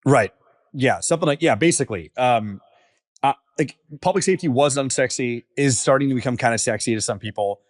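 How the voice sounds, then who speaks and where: A man's voice: medium pitch, a little fast, no echo, clean studio sound. Casual, filler-heavy man founder. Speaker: guest, startup founder. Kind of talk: casual podcast conversation.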